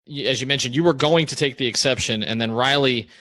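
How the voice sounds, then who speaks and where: Male sports writer as interviewer, bright, edgy tone. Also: mid-range voice, fast, soft background music. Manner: thoughtful, recaps before asking. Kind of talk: interview question.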